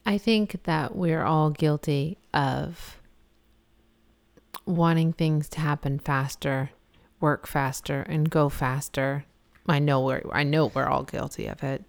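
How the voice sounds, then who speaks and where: Low-voiced woman, smooth and dry. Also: fairly even intonation, takes it slowly. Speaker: podcast co-host. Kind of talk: casual faith-based discussion.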